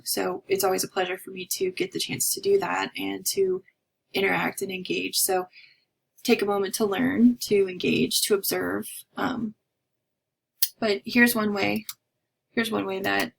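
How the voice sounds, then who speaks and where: Female college instructor, casual lecture delivery with fillers, some vocal fry, faint noise floor. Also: medium pitch, fairly bright tone, poor audio. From North America. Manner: chatty, discursive, with many fillers. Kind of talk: recorded lecture.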